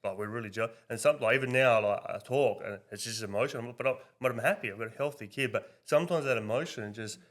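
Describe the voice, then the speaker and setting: A man's voice: mid-range voice, fast talker, hardly any pauses, fairly bright tone. A man hosting a casual interview, asking long, meandering questions full of restarts. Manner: rambling questions with many restarts. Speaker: podcast host.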